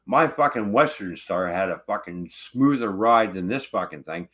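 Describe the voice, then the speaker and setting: Swearing angry man with a bright voice. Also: fairly low pitch, animated, moderate pace. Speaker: truck driver. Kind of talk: ranting casual livestream talk.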